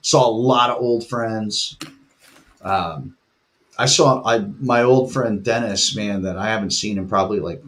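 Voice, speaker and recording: A man's voice: lowish voice, measured pace, fairly bright tone. A middle-aged man, host and band musician, in rambling, profane casual chat with lots of filler and laughter.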